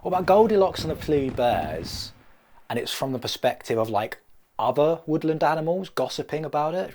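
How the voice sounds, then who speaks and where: A man's voice: fairly high pitch, big pitch swings, normal speed, darkish tone. Rambling man vlogging jokily. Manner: rambling, playful and self-mocking. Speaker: filmmaker vlogger. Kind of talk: comedic vlog monologue.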